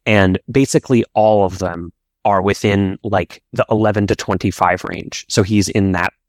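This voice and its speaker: Male stats analyst, measured and matter-of-fact, lowish voice, dry sound. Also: fairly even intonation, no room sound. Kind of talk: casual sports analysis chat.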